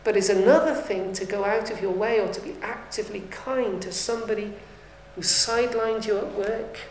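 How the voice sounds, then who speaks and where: A woman's voice: medium pitch, normal speed, darkish tone, slight background noise. A woman preaching a sermon, earnest and rising to fervent appeals. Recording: echoey room.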